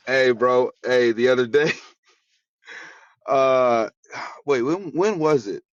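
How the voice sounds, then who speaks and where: A man's voice: medium pitch, slow, no room sound. Guy laughing a lot while chatting, kinda muffled dry sound. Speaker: co-host. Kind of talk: casual chat.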